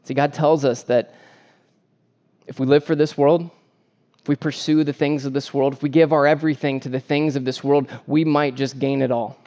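A man's voice: medium pitch, level tone, moderate pace, a little mellow. A man preaching a sermon as pastor, earnest and emphatic, with repeated phrases and joking asides about family life.

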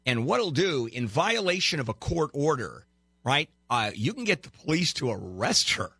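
A man's voice: a little high, very animated, normal speed, pushed and bright, husky, dry recording. A man hosting a call-in legal advice radio show, brash and teasing, giving callers blunt advice with wisecracks.

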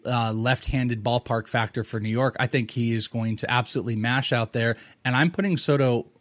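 A man's voice: medium pitch, steady tone, fairly quick, fairly bright tone, no room sound. Stat-heavy podcast guy, trips over words a bit, dead dry sound. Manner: analytical, stat-heavy, small stumbles. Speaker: podcast co-host. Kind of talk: casual sports chat.

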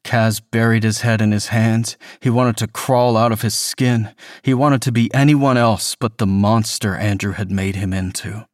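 A man reading a horror story as scripted narration, measured and even. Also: fairly low pitch, dry recording, clean studio sound. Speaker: reader.

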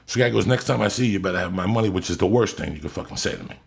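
A man's voice: sits low, rapid-fire. A man telling a long story in casual podcast chat, blunt and profane. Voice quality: gravelly, raspy. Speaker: podcast host.

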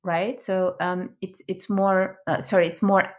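A woman's voice: medium pitch, little pitch movement, a little slow. A woman guest on a podcast explaining ideas in a conversational way, thinking aloud with fillers, restarts and frequent "right?" checks. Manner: restarts and self-corrections. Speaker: podcast guest, product expert.

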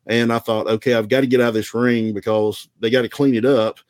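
A man from the American South, a former wrestler, telling stories in a relaxed, rambling, self-deprecating way. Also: mid-range voice, brisk, no room sound. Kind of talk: casual storytelling.

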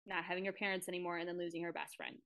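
A woman's voice: lowish voice, level tone, a bit bright. A young woman in casual podcast chat, earnest and rambling as she opens up. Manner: earnest, rambling, quick to open up. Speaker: podcast guest.

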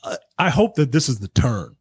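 Husky-voiced man chatting haltingly. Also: medium pitch, big pitch swings, dry recording. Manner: halting, many restarts and fillers. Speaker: podcast co-host. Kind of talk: casual chat.

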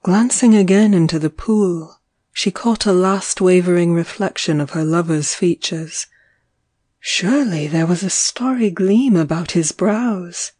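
Female audiobook narrator, unhurried and lyrical, mellow tone, dry studio sound. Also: fairly low pitch, slightly rough, dry recording. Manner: slow, measured, lyrical.

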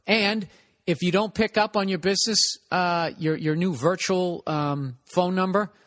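A man's voice: high voice, a little slow, fairly bright tone. A man who hosts a podcast and does stand-up, giving a casual, rambling ad read with swearing and self-mocking asides. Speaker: podcast host and stand-up comedian.

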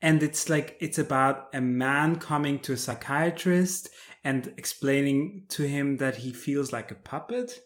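A man on a podcast, chatting casually about a film and telling the story in an animated, amused way with many restarts. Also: medium pitch, measured pace. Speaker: podcast guest discussing films.

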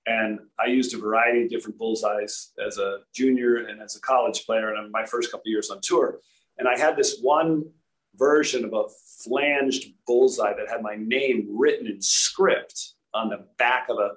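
A man from Rhode Island, a former tour golfer, telling relaxed anecdotes in a casual chat with frequent restarts. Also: lowish voice, low-quality recording.

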